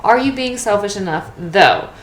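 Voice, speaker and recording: A woman's voice: medium pitch, lively intonation, moderate pace. A young adult woman hosting a casual solo podcast, talking candidly and often tagging her thoughts with "right?" and a bit of swearing. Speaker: podcast host. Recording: echoey room with faint noise.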